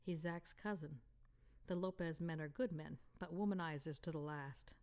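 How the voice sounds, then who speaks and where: A woman voicing a steady, teasing frontier cowboy with a soft drawl. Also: low-pitched, moderate pace.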